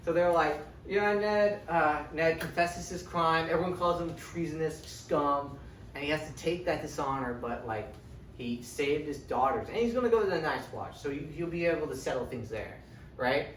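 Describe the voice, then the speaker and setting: A man's voice: on the high side, moderate pace, fairly bright tone. A young man casually recapping a book series, chatty and profane, constantly checking in with "right?". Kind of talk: casual, rambling spoken recap. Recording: roomy, distant from the mic, faint hiss.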